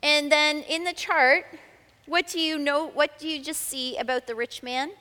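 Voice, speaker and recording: Bright-voiced woman leading Bible study. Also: high-pitched, fairly even intonation, normal speed, long reverb tail. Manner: explains step by step and reads scripture aloud. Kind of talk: teaching a group study session.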